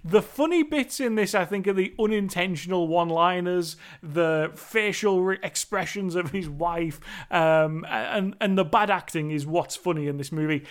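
High-voiced man rambling through a movie review. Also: normal speed, few pauses. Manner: laughing, rambling, mimics film lines. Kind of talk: casual spoken movie review.

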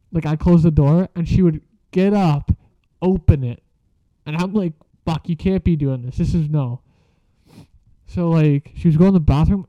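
This young man tells stories for a casual vlog, rambling along in heavy slang and swearing constantly. His pitch is slightly raised. The sound is dry, muffled, and lo-fi, with no room sound.

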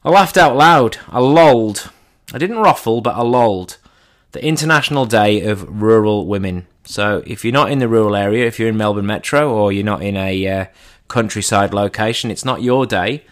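A man giving a comedic monologue in an irreverent, deadpan way, his pitch jumping up for punchlines. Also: normal speed.

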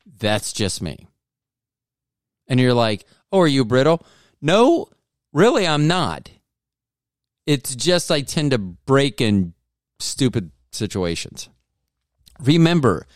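Rambling, lively-voiced male podcast host. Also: medium pitch, smooth, no room sound, studio quality. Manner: rambling, self-mocking, jokey asides. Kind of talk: casual rambling monologue.

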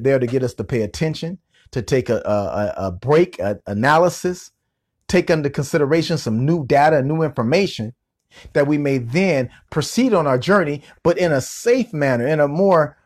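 A middle-aged man and motivational coach telling a story on his podcast in a lively, slangy way, with vocal sound effects. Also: fairly high pitch, normal speed.

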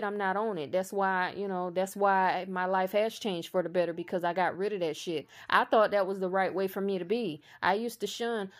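A woman in a casual spiritual monologue, blunt and profane, speaking slowly and with emphasis, building to a heated intensity. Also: mid-range voice, steady tone. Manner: slow emphatic delivery that builds to raised intensity.

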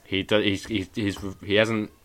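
A man's voice: on the low side, little pitch movement, normal speed, fairly bright tone, a little hiss or hum. A British man co-hosting a podcast, chatting casually in a wry, joking way and swearing now and then. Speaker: podcast co-host. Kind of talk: casual chat.

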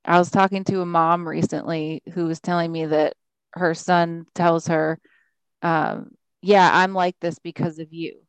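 A woman's voice: on the low side, little pitch movement, a little slow, clean tone, dry recording, rough recording. A woman co-hosting a podcast in casual chat, speaking firmly and giving advice. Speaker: podcast co-host.

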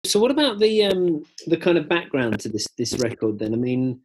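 A man co-hosting a podcast in an easygoing chat. His voice is slightly husky. He thinks aloud and hedges as he goes, leaning on fillers and restarts. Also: fairly high pitch, big pitch swings, normal speed. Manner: rambling, hedging, lots of "kind of" and "I mean". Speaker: podcast co-host. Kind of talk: casual chat.

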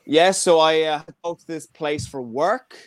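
A podcast co-host with an Irish accent from Mayo, telling a work story in an excitable, exaggerated way. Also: mid-range voice, normal speed, dry recording. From Mayo, Ireland. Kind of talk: casual chat.

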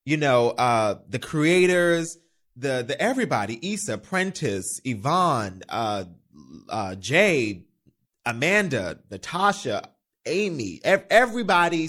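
Lively, campy male podcast host. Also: medium pitch. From New York. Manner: animated, swearing, campy storytelling. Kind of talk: casual solo podcast chat. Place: studio.

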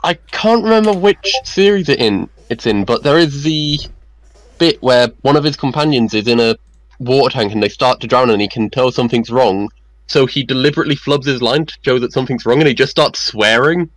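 A man in a casual group chat, explaining things in a steady, storytelling way. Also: mid-range voice, fairly quick, no echo.

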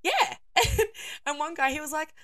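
A young woman hosts her own podcast in a loose, chatty way. Her voice is croaky and hoarse, and she laughs often and fills her sentences with easy fillers. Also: medium pitch, moderate pace, a bit bright, dry recording, studio quality. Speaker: podcast host. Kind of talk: casual solo podcast chat.

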